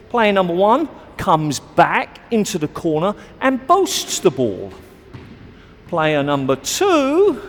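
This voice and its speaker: A man's voice: on the high side, in a large hall, a little hiss or hum. A man coaching squash on court, explaining and demonstrating shots in a chatty, self-deprecating way. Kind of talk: on-court instructional video.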